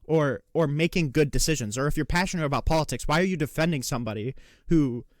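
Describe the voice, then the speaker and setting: Medium-pitched and recorded in studio quality with no echo, this man riffs on politics as a reaction streamer. His rants come fast, exasperated and full of profanity, and he adopts a taunting, mocking voice whenever he quotes the other side.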